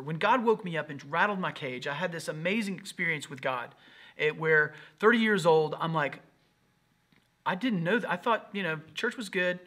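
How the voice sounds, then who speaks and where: A male pastor in his thirties preaches with earnest, animated energy. His voice sits a bit high and rings bright and forceful as he tells his story. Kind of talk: sermon.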